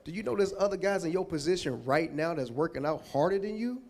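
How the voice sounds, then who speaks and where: A man's voice: on the high side, expressive, quick pace, a little mellow, voice pushed up. A man putting on a taunting pushy cousin. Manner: taunting, scolding. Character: pushy young male cousin scolding a lazy athlete.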